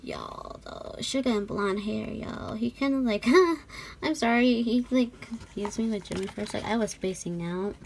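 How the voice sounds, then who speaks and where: A young woman vlogger gushing through an unboxing in casual chat, often dropping into soft whispered asides. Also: medium pitch, measured pace, creaky, a little hiss or hum, low-quality recording.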